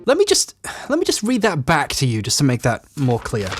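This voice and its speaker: A man's voice: on the high side, wildly swooping pitch, normal speed, slight background noise. Sarcastic, exasperated young male critic. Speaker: video essayist and critic. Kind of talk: scripted video essay commentary.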